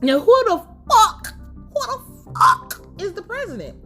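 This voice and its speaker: A woman mimicking an angry, confused woman leading armed rebels, shrill and profane. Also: very animated, measured pace, a bit bright, faint music behind, heavily acted. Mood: outraged.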